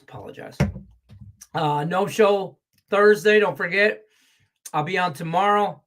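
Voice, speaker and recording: A man's voice: sits high, a little slow, fairly bright tone. A middle-aged man, a sports betting handicapper, talking bluntly and profanely in a rambling, casual way on a picks show.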